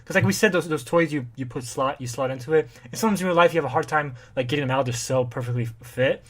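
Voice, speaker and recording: A man rattles along quickly in casual podcast talk, his voice sitting somewhat high. He explains his points eagerly and at length. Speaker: podcast co-host. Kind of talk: casual chat.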